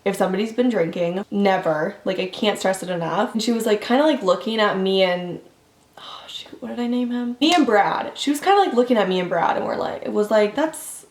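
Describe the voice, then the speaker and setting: A woman's voice: medium pitch, echoey room. Chatty young woman telling a story. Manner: chatty, quick, filler-heavy; animated voices when quoting people. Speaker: vlogger. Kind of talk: casual storytime.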